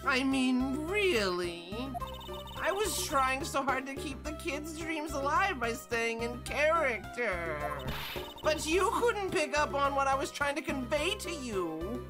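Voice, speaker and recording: A woman voicing a whiny, elderly busybody woman in a drawn-out, nagging manner, reading game dialogue over game music. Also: sits high, sing-song, voice pushed up, heavily acted. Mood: complaining.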